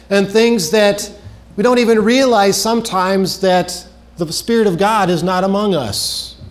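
A man preaches earnestly, repeating his key phrases and dropping his voice low at the close of each phrase.

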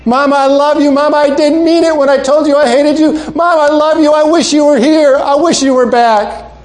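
A man voicing a fourteen-year-old girl sobbing over her dead mother, in high, drawn-out pleas. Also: fairly even intonation, darkish tone, roomy sound. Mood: wailing, grieving.

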